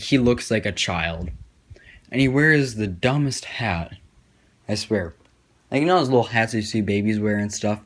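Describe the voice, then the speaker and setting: A young man telling a sarcastic, profane story as casual commentary over gameplay. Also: lowish voice. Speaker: gaming commentator.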